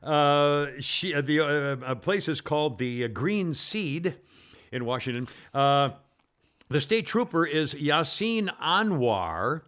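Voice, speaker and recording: A man's voice: fairly high pitch, very animated, slow pace, fairly bright tone. A man hosting a casual news talk show, rambling with many fillers and restarts. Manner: acts out quoted people in a raised voice. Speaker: podcast host.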